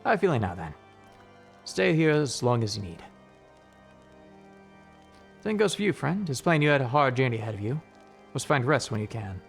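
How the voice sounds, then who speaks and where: A man voicing a gruff, hospitable male tower keeper, slow and old-fashioned in speech. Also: mid-range voice, big pitch swings, faint music behind. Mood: welcoming.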